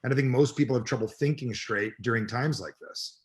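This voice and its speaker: Middle-aged guy coaching fast, blunt and emphatic, swears a lot. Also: mid-range voice. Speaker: personal development coach. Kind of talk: energetic interview talk.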